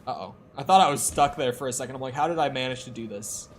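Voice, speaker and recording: A man's voice: medium pitch, fast talker, slight background noise. A man streaming a video game, chatting casually, swearing freely and talking back to the screen as he plays. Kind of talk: casual live-stream gameplay commentary.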